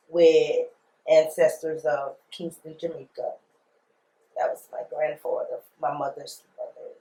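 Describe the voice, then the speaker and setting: A woman's voice: sits low, mellow. A woman, telling her story in an interview in a blunt, emphatic way, repeating phrases and using slang. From New Orleans, USA. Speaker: rapper being interviewed. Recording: roomy echo.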